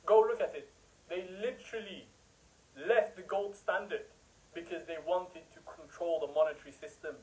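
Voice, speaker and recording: A man with a high voice preaches with fervor, hammering his points home in an emphatic, rhetorical way. He often mocks those he criticizes. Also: normal speed, darkish tone, poor audio. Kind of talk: impassioned religious talk.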